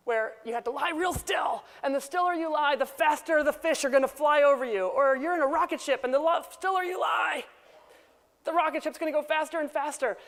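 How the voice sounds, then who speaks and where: Woman keynote speaker, high bright voice, lively and chatty, reverberant hall sound. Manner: lively, conversational, acts out quoted people. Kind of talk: conference keynote speech. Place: conference hall.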